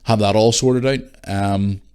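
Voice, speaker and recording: A middle-aged man from Northern Ireland hosts a casual solo podcast, ranting bluntly, swearing freely, and sounding tired as he yawns. His voice is lowish, fairly even, a little slow, a little mellow, and clean in tone.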